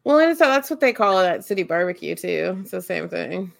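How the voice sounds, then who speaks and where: A woman's voice: on the low side, big pitch swings, a little fast, vocal fry, dry recording. A woman from Central Ohio co-hosting a podcast, rambling casually with fillers and giggly asides. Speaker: podcast co-host. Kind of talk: casual chat.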